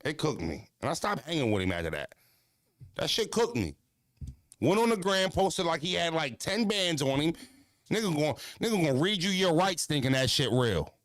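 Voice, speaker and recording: A man hosting a casual podcast, ranting bluntly with profanity, jumping into animated voices and stuttering restarts. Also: fairly high pitch, moderate pace, dry recording. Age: adult. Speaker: podcast host.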